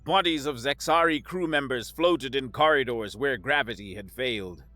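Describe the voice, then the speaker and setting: A man narrating a sci-fi story in a steady, measured, scripted reading. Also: mid-range voice, dry recording.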